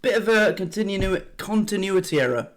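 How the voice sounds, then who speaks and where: Excitable man reacting to a sitcom. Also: high-pitched, normal speed, background noise. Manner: excitable, rambling, swears. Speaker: reaction video host. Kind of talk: casual reaction commentary.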